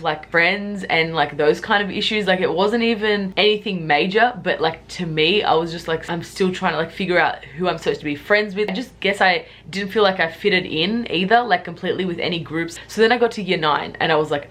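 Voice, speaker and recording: A woman's voice: lowish voice, fairly bright tone. Chatty young woman vlogging. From Australia. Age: young adult. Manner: chatty, lots of "like" fillers. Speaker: YouTuber. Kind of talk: casual chat to camera.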